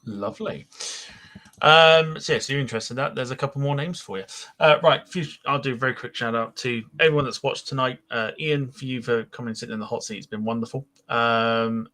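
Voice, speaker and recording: A man's voice: medium pitch, brisk, pushed and bright. A man hosting a podcast, chatting casually and rambling with lots of ums as he wraps up the show. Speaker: podcast host. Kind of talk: casual podcast chat and sign-off.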